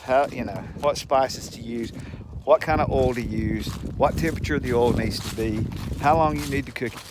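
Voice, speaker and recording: Here a channel host speaks at normal speed in a mid-range voice, telling a folksy, roundabout story to the camera with chuckles along the way. A faint hum can be heard behind him in his home recording.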